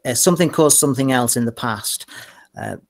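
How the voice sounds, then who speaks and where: Man explaining carefully, mid-pitched. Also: a little fast. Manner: careful explaining, hesitant repeats. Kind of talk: casual online chat.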